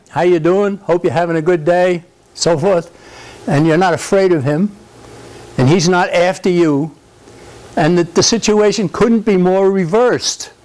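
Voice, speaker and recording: Older man, speech to a live audience, rambling and conversational, voice slightly high for a man. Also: a little mellow, poor audio. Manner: rambling, conversational, frequent restarts and fillers. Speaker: speaker at a political society event. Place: country club function room.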